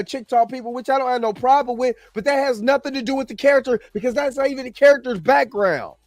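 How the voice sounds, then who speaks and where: High-voiced man ranting about movies. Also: no room sound. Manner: emphatic, repetitive, full of fillers and restarts. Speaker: show host. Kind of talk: opinionated commentary vlog.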